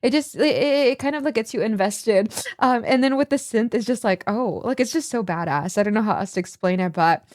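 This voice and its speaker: Gushing, chatty woman with a slightly high voice. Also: a little fast, few pauses, darkish tone, no room sound, clean studio sound. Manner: gushing, chatty, many filler words. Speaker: music reaction host. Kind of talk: casual reaction commentary.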